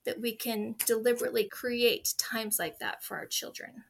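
A woman's voice: a little high, steady tone, moderate pace, gravelly, a little hiss or hum. A woman in her forties, a guest in a conversational interview, telling heartfelt stories in an earnest way.

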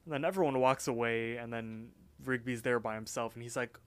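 A male podcast co-host talks through a cartoon episode in a relaxed, chatty style. His voice sits at an ordinary pitch. The recording is dry, with almost no room sound. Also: fairly quick, few pauses, smooth, dry recording. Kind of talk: casual episode recap.

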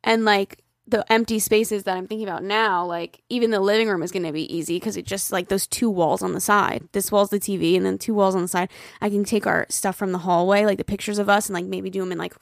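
Young woman, podcast co-host, casual chat, chatty with lots of fillers, mid pitch, dry close mic. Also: fairly even intonation, fast talker, creaky, no echo. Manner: chatty, filler-heavy, says "like" a lot, swears casually.

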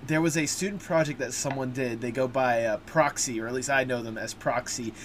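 A man's voice: mid-range voice, brisk, a little hiss or hum. A young American man hosting a podcast over an online call, chatting casually, laughing often and restarting his sentences. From United States. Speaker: podcast host. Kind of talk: casual chat. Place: home room, talking over an online call.

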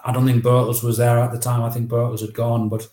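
A man in his fifties with a Northeast English accent, telling lively anecdotes as an interview guest and acting out the quotes. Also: medium pitch, quick pace, echoey room. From Northeast England. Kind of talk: storytelling in an interview.

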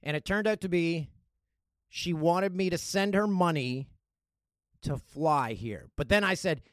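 Lively, joking male podcast host. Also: on the high side, measured pace, no room sound, clean studio sound. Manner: animated, jokey, riffing. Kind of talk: casual solo podcast chat.

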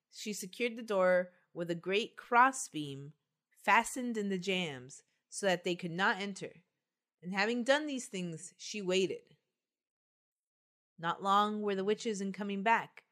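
A woman's voice: mid-range voice, a little slow, a bit bright. Woman reading folklore on a podcast. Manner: playful, laughs often. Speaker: podcast host. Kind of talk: reading folklore aloud in casual chat.

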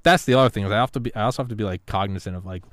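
Rambling young man, dry low voice. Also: rapid-fire, dry recording. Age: young adult. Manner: rambling, laughs a lot, loose asides. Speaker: podcast host. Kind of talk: casual chat.

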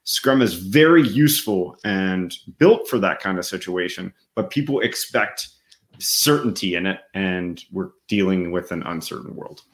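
A man with a fairly low voice, working through his thoughts in relaxed podcast chat. He stops often with ums and restarts, but keeps a steady, considered pace. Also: unhurried. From United States. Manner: thoughtful, many fillers and restarts. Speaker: podcast co-host. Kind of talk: casual chat.

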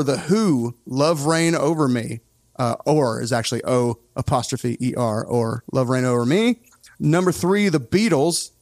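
A man hosting a casual music podcast. He talks in an opinionated, animated way and often breaks off his own sentences. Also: fairly high pitch, no echo, studio quality. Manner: opinionated, animated, self-interrupting. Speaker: podcast host.

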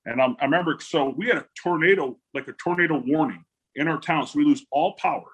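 His husky voice sits on the high side and moves quickly. A guest in a casual storytelling interview, this forties-aged former football player relates stories with animation, acting out what people said and laughing frequently.

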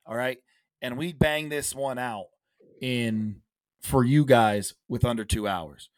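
A man's voice: medium pitch, takes it slowly, no echo. A man co-hosting a casual sports podcast, talking emphatically, restarting phrases and dropping in frequent "all right"s. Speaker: podcast co-host.

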